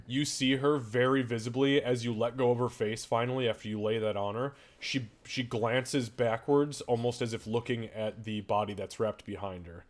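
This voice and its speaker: A man's voice: mid-range voice, fairly even intonation, moderate pace, hardly any pauses, a little hiss or hum. A man running a tabletop game as game master, describing scenes in casual, conversational narration.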